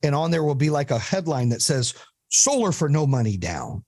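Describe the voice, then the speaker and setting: A man's voice: fairly high pitch, very animated, normal speed, warm tone, no room sound, clean studio sound. Blunt, profane man coaching a group. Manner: blunt, profane storytelling with acted quotes. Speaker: podcast host and business coach. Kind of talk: casual coaching talk to a small group.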